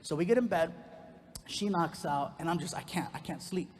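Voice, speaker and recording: High-voiced man telling a stand-up story. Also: normal speed. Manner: animated, jumps into loud high character bits. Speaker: stand-up comedian. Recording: reverberant venue with faint background noise.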